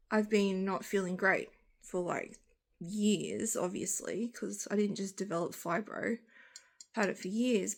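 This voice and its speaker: An Australian woman in a casual, rambling vlog chat, talking on and on in loose run-on sentences. She sounds tired and groggy, with a mid-pitched voice. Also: vocal fry. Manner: rambling, frank, speaks in long run-on sentences. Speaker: vlogger.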